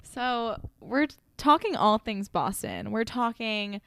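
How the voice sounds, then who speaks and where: A woman's voice: on the high side, animated, slow, vocal fry, a bit bright, clear, resonant tone. A young woman co-hosting a podcast in casual chat, laughing and saying "like" a lot. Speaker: podcast co-host. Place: lives in Boston.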